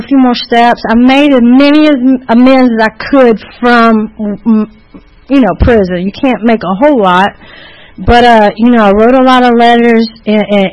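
Woman speaker, personal recovery testimony, candid and unpolished, slightly high voice, dull lo-fi sound. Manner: candid, rambling storytelling with many restarts.

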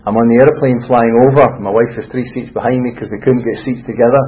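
A man's voice: mid-range voice, quick pace, hardly any pauses. A middle-aged man with a Scottish accent, candidly telling his life story in a rambling way with frequent restarts. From Scotland. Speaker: speaker sharing his story. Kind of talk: personal testimony talk. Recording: dull lo-fi recording with faint noise.

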